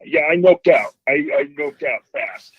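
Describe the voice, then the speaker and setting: A man calling in to a show and telling a ghost story in an animated way, acting out the voices he quotes. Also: fairly high pitch, a little slow, no room sound. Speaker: caller. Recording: dull phone line.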